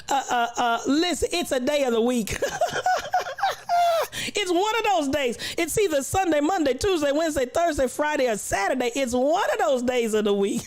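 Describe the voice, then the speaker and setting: A woman's voice: high voice, expressive, normal speed. A woman hosting a casual livestream, greeting viewers from the chat with a playful, preacher-like cadence and frequent laughter, her voice a little worn from recently losing it. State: recovering voice, coughing. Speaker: livestream host.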